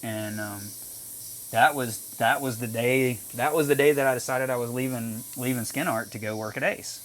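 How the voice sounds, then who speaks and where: Man, tattoo artist guest, casual swearing storyteller, average pitch, faint background hiss. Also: steady tone, moderate pace. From North Carolina. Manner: profane, rambling, acts out both sides of the old conversation. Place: tattoo studio, painting while talking.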